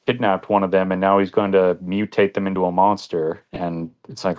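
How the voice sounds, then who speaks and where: A young man with a low voice talks through an anime review in loose, casual podcast chat. He rambles, leans on filler words and breaks into laughter often. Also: steady tone, moderate pace, dull audio. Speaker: podcast co-host.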